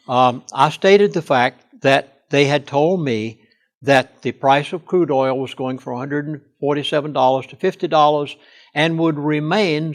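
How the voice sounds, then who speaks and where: Earnest older man, high-pitched, emphatic. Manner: earnest, emphatic, stressing key words. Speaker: pastor and chaplain. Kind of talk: studio interview.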